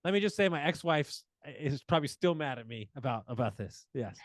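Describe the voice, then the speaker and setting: A man's voice: on the high side, lively intonation, brisk, no echo. A man in his forties telling a long personal story as a podcast guest, acting out quoted dialogue with plenty of fillers. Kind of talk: casual storytelling interview.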